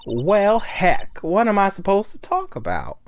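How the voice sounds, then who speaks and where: A player voicing a bubbly, nosy young female photographer, reading her lines in a chirpy, excitable way. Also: medium pitch, a little slow, a little hiss or hum, pitched above the performer's own voice. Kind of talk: game dialogue read aloud in a let's-play.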